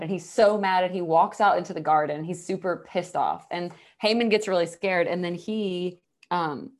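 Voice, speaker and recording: A woman co-hosting a podcast, chatty and enthusiastic, saying "like" often. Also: lowish voice. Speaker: podcast co-host. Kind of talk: casual podcast chat.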